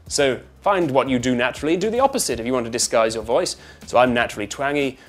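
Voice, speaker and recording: A twangy British man in a voice lesson, talking loud and quick with sharp, precise consonants. His pitch sits in a middling range and swings up and down as he explains. Faint music plays underneath. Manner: lively up-and-down intonation; fast talker. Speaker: actor and voice coach. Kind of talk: instructional talk to camera.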